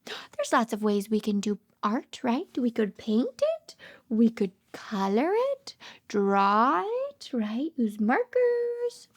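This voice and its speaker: A woman speech therapist reading a picture book aloud to toddlers, animated and sing-song, with frequent gasps and hushed whispered asides. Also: fairly high pitch, takes it slowly, husky.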